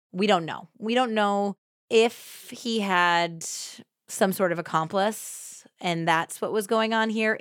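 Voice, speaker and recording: A woman hosting a podcast, telling a true crime story in a conversational way and acting out quotes with lively shifts in tone. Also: fairly low pitch, no room sound, studio quality. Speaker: podcast host.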